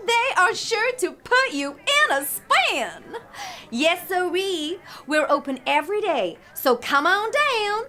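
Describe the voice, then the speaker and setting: A woman doing a Southern American accent as a cheery, folksy diner owner pitching her place in a radio-style ad. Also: big pitch swings, takes it slowly, bright, forceful tone, faint music behind, exaggerated voice. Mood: perky salesy. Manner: upbeat salesy ad pitch. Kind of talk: comedic radio-ad acting.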